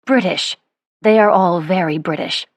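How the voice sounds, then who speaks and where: A dry, witty young lady, voiced by a woman narrating an audiobook, polite but curt in her replies. The tone sits low and husky. The recording is close and dry. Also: a little slow, no echo. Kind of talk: audiobook character voice.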